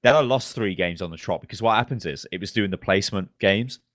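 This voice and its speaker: A young man with a fairly low voice co-hosts a casual gaming podcast. He laughs often and swears freely as he tells a story. The sound is dry and close to the mic. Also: fast, fairly bright tone, no room sound. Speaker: podcast co-host.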